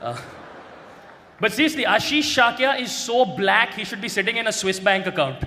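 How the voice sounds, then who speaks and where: A man's voice: high voice, expressive, moderate pace. Brash young man roasting on stage. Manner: brash, shouts punchlines. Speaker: roast comedian. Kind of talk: stand-up roast set. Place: large indoor stage venue. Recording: live hall with reverb and crowd noise.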